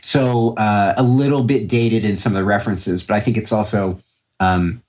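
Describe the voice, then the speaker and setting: A man with a very low voice talks loosely as a guest on an interview show. He rambles, circles back and restarts his sentences with lots of fillers. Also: fairly even intonation, moderate pace, a little mellow, faint music behind. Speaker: podcast guest, trader. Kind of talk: casual interview talk.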